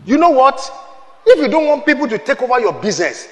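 High-voiced preacher in a reverberant hall. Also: male voice, big pitch swings, racing. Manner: emphatic preaching, shouted peaks, call-and-response. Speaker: pastor. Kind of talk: sermon.

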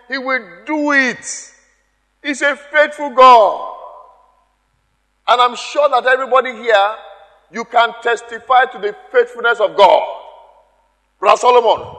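A man's voice: very high-pitched, sharp tone, long reverb tail. A man preaching a sermon, emphatic, repeating key phrases and calling out to the congregation.

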